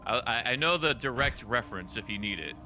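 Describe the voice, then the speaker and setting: A man co-hosting a game stream who speaks quickly in a very bright, sharp voice. He cuts in with short, dry quips. Faint noise sits behind him. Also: mid-range voice, expressive. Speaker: co-host. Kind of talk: casual chat while gaming.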